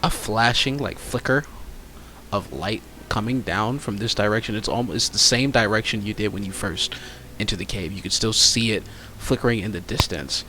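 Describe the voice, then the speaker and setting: A man narrating as game master of a tabletop role-playing session, pausing often with fillers as he describes the scene. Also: on the low side, pushed and bright, slight background noise. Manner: hesitant, lots of fillers.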